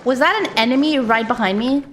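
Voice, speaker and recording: A woman's voice: a little high, brisk, a bit bright, slight background noise. A woman game streamer chatting casually as she plays, reading out and answering viewer messages. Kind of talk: casual live-stream chat while playing.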